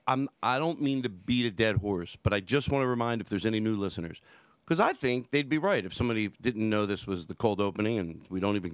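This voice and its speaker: A male podcast host chatting casually, his pitch leaping up and down as he rambles and restarts his sentences. The sound is close and dry, with no room echo. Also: smooth. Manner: rambling, animated, self-interrupting. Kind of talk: casual chat. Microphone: headphones and studio mic.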